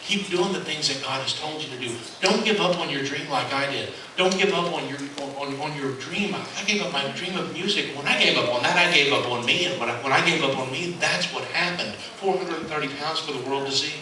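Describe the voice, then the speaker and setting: A man's voice: fairly high pitch, brisk, hardly any pauses. Earnest man speaking in an echoey hall. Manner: earnest, repeats key phrases, joking anecdotes. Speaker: motivational speaker. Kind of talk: inspirational speech to an audience. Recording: echoey hall from far off, noisy.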